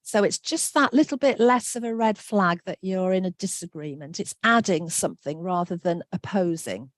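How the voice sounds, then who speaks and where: A woman's voice: on the low side, normal speed, dry recording, studio quality. A woman giving an online workshop talk, friendly and reassuring, reading out answers from the chat. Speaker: workshop presenter.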